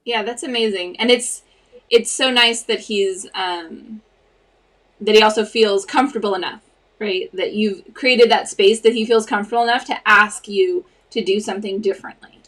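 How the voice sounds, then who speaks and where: A woman hosts a casual interview. She speaks at a middle pitch, praises her guest and leads the conversation smoothly toward its close. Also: fairly even intonation, moderate pace. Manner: warm, affirming, wraps up smoothly. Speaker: podcast host.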